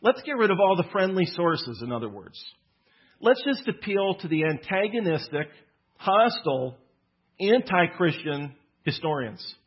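A man's voice: sits high, sing-song, husky. A man preaching a sermon to a gathered audience in an earnest, teaching manner. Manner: earnest teaching, slows for emphasis on quotes. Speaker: pastor. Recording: dull lo-fi sound.

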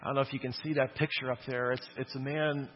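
A man's voice: medium pitch, level tone, quick pace, dull audio, a little hiss or hum. A man preaching a sermon in a church, talking in a conversational but emphatic way and often asking "okay?". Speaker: pastor.

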